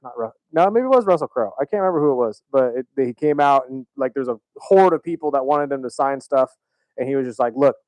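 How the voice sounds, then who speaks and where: A man co-hosting a radio talk show who talks fast and trades easy jokes with the host. His voice is close and dry in the studio, with no room sound around it. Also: medium pitch, lively intonation, a little mellow, dry recording, poor audio. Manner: quick banter, jumps in with jokes. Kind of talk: casual radio chat.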